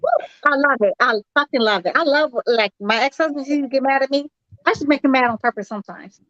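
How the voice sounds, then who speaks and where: A woman's voice: high voice, quick pace, fairly bright tone, no room sound, highs cut off. A woman in loose, profane, laughing group chat.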